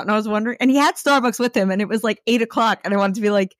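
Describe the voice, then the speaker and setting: A woman's voice: fairly high pitch, rapid-fire, no echo, clean studio sound. Chatty woman podcast co-host. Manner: chatty, lots of "like" fillers. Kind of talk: casual chat.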